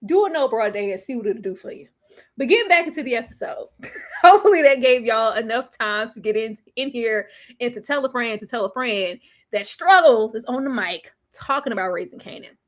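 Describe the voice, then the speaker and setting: A young woman chats casually to her live audience, laughing often and drawing out her phrases. Her voice sits high and swings widely in pitch, bouncing up with every joke. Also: animated, fairly quick. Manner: chatty, laughs often, drawls phrases, slips into playful quoted voices. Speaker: TV recap vlogger.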